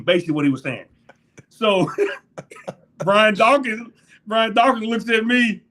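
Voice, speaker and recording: This middle-aged man, once an NFL linebacker, is a guest in a relaxed interview sharing locker-room tales. His voice is high-pitched and unhurried, broken by long pauses, and he's a lively storyteller who laughs a lot and performs other people's quotes.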